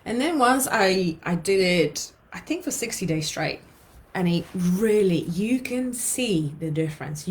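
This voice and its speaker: A woman from Poland telling a personal story in a chatty way that circles back on itself, with a lot of fillers and repeats. Her voice sits a little low for a woman. She comes across as an emotional, open storyteller. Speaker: hypnotherapist and podcast host. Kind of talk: personal storytelling, casual monologue.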